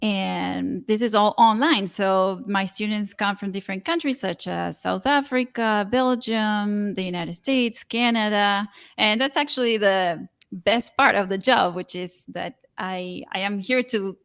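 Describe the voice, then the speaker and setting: Guest: argentine woman, spanish native, mid-pitched, measured clear answers. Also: fairly bright tone. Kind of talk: interview answers.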